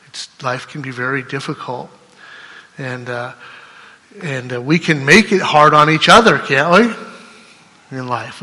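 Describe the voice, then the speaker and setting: A middle-aged man, a pastor, giving a conversational sermon full of rhetorical questions and tag questions, sometimes breaking into excited storytelling. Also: mid-range voice, long reverb tail.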